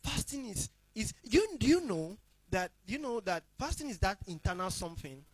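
A very animated male pastor with a high voice preaches at normal speed, driving his points home through repetition. He alternates between loud declarations and quiet, hushed asides, recorded close and dry without room echo.

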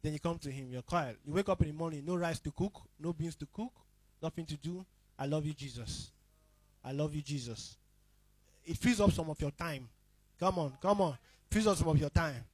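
Preaching fairly quickly, this high-voiced male pastor leans on repetition to press each point. His delivery shifts from booming statements to quiet, murmured remarks, captured in a dry, close recording with no reverb.

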